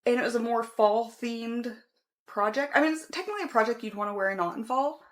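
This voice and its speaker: Woman, home vlog, rambling casual chat, fairly high voice, self-correcting. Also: fairly quick. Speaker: vlogger. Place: home room, indoors.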